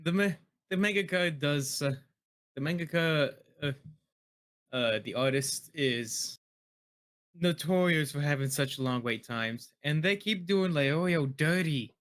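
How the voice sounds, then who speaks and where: A man with a somewhat high voice chats with his game group over a computer mic. He talks haltingly, breaking off mid-word and circling back as he searches for names and phrases. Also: fairly bright tone. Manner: hesitant, restarts and searches for words. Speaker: tabletop game player. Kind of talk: casual chat before an online session. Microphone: computer mic on a voice call.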